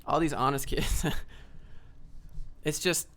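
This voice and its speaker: A man's voice: a little high, steady tone, takes it slowly, a bit bright. A young man hosting a casual livestream, ranting in a brash, slangy way and reading out viewer comments. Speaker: livestream host.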